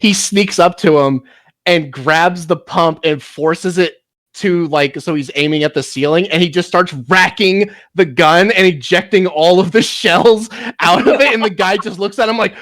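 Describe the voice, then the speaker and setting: A man's voice: sits high, normal speed, fairly bright tone, dry recording, clean studio sound. A man in casual chat as a podcast co-host, laughing often and trailing off into repeated words.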